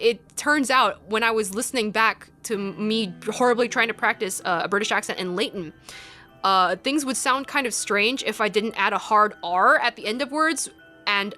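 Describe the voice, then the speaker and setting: A woman playing a video game and chatting about it, excitable and chatty. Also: on the high side. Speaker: let's player. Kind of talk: game commentary.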